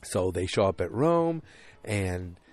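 A man's voice: low voice, big pitch swings, slow pace, darkish tone. A man casually recapping a TV episode, rambling with lots of fillers and acting out the characters' lines. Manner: rambling, full of fillers, acts out quotes.

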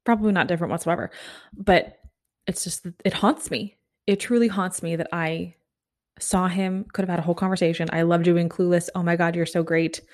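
A woman in her thirties hosting a solo podcast, telling a story in a breathless, animated way. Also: on the low side, brisk. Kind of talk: casual storytelling monologue.

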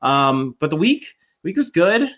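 Brief: young male podcast host, slangy and rambling, pitch swinging all over, sits a bit higher than most men. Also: unhurried. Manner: animated, laughing, rambling tangents, slangy. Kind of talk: casual podcast chat.

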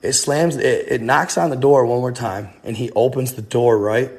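A man's voice: mid-range voice, steady tone, normal speed, darkish tone. A man casually telling a ghost story, rambling and swearing, with lots of restarts. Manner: rambling and profane, with many restarts.

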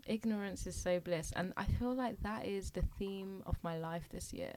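A woman's voice: medium pitch, normal speed, darkish tone, a little hiss or hum. A young British woman co-hosting a podcast, chatting casually, swearing and trailing off mid-sentence. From United Kingdom. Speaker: podcast co-host. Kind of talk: casual chat.

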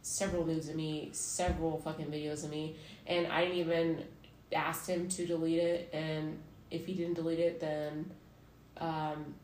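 A woman's voice: low-pitched, flat delivery, normal speed, a little mellow. A woman hosting a podcast in casual chat, laughing often and swearing freely. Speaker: podcast host. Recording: roomy echo with faint noise.

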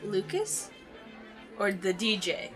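A woman playing her character in a tabletop game, speaking casually with a playful, deadpan manner. Her voice is bright and forceful, at a middle pitch. Faint music plays under her. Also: slow pace. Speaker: player.

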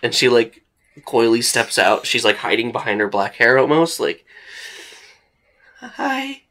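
A man's voice: mid-range voice, little pitch movement, normal speed, pushed and bright. A young man narrating as game master of a tabletop horror game, casual and loose with many "like" fillers.

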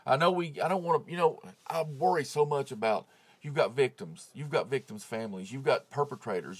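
Man ranting profanely on his podcast. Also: mid-range voice. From United States. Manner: profane, heated, rising to loud outbursts. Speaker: podcast host. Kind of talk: casual ranting monologue. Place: home closet. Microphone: phone with clip-on mic.

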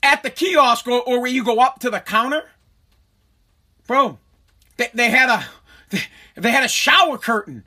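A man with a high, bright voice hosts a casual solo podcast from his basement at home. He rants animatedly and swears freely, laughing at himself as he goes. His tone is loose and unscripted. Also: animated, moderate pace, pauses often. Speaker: podcast host.

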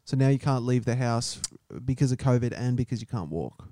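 Man, podcast co-host, deadpan teasing quips, mid-range voice, dry close mic. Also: medium pitch, brisk, no room sound. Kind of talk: casual podcast chat.

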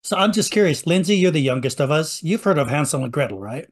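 A fairly high, animated male voice at a quick pace. He's a podcast host in a casual recap chat, joking around as he introduces old radio clips.

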